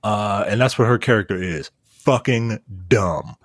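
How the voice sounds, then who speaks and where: A man's voice: fairly low pitch, measured pace, no echo, studio quality. A man co-hosting a casual movie review podcast, blunt and profane, hammering his points with emphasis. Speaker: podcast co-host.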